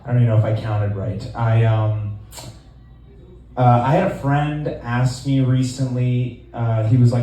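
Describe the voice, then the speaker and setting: A man in his twenties doing a stand-up set in a small club, deadpan and rambling, with lots of fillers. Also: mid-range voice, a little slow, heavy reverb, distant mic, a little hiss or hum, rough recording. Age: 20s. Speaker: stand-up comedian.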